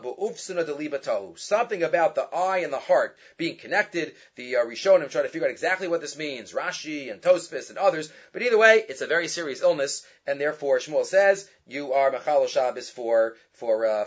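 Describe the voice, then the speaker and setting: Male Talmud teacher, quick and lively, slightly high husky voice, muffled lo-fi sound. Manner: quick, lively explaining with rhetorical questions. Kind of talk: Talmud lecture, reading and translating text.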